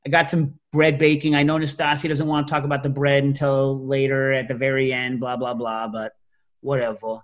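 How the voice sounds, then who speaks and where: A middle-aged man hosting a casual chat, telling stories with lively energy and jumping into loud, high-pitched imitations. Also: fairly quick. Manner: animated storyteller, leaps to high shouted imitations. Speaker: podcast host.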